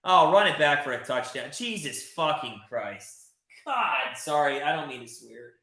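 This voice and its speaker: A man hosting a live sports watch-party stream, chatty and excitable, swearing now and then and talking to viewers in the chat. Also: a little high, measured pace, echoey room. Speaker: livestream host.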